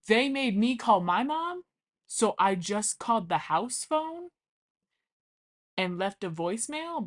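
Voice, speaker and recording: A young woman telling funny childhood stories in a chatty, casual way, swearing freely and acting out what people said. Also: medium pitch. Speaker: vlogger. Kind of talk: casual storytelling.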